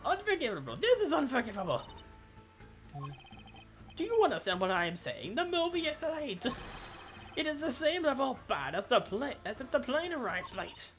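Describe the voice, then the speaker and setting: A haughty, easily offended Frenchman, as a woman plays him in a put-on French accent, his voice pitched high and swinging widely. He talks in stiff, formal phrases. It is video game dialogue read aloud over faint music. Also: very animated, normal speed. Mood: indignant. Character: irritable pompous older Frenchman.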